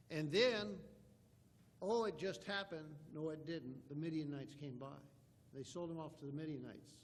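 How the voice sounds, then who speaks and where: A man's voice: a little high, slight background noise. A man, a pastor, preaching an emphatic sermon and reading scripture aloud in old-fashioned wording from a church sanctuary.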